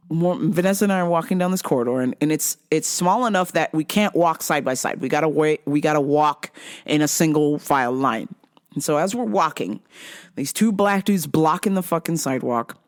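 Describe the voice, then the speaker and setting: A middle-aged woman vlog host telling a story casually, with lots of swearing, who acts out what people said. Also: lowish voice. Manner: animated, profane, acts out quotes.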